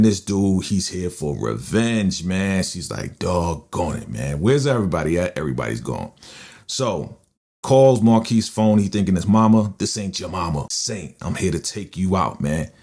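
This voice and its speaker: A man's voice: on the low side, a little mellow. A man hosting a casual recap of a TV episode, retelling scenes and acting out the characters' lines in slang. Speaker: recap channel host. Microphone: studio podcast microphone.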